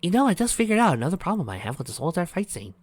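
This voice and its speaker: A man's voice: high-pitched, sing-song, very fast. A man reading a fan fiction story aloud and breaking off into sarcastic commentary. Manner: sarcastic, ranting asides.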